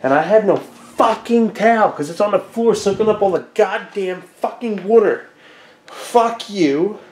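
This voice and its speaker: A young dad films a casual vlog at home, swearing and ranting in exasperation at his cats between bouts of baby talk. His voice sits high and a little mellow, at a normal speed.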